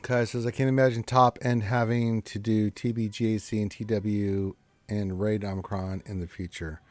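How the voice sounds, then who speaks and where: A man co-hosting a gaming live stream in relaxed, casual banter. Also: fairly low pitch, normal speed, no echo. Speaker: co-host of a game live stream. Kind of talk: casual chat.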